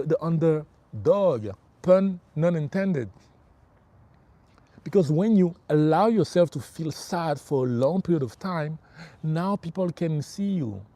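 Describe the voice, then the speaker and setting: Husky, mellow-voiced man coaching viewers. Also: a little high. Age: middle-aged. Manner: emphatic, repeats key phrases, calls listeners bro. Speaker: spiritual life coach. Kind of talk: motivational livestream talk.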